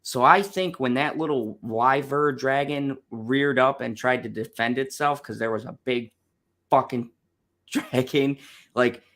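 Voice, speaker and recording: Casting note: male co-host, medium pitch, relaxed and conversational, explains plot with ums and likes. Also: a little slow. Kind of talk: casual review chat.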